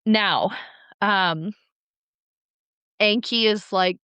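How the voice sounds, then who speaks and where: A woman co-hosting a podcast, casually retelling ancient myths with playful, animated flair. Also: fairly low pitch, takes it slowly, clean tone, no echo, muffled recording. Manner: animated, acts out characters, playful. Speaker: podcast co-host. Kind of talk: casual storytelling chat.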